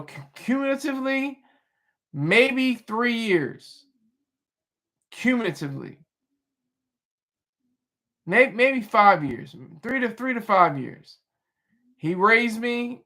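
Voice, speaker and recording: A man with a high, pushed, bright voice hosts a casual livestream, reading chat. He rambles through his thoughts, restarts often, and chuckles at what viewers say.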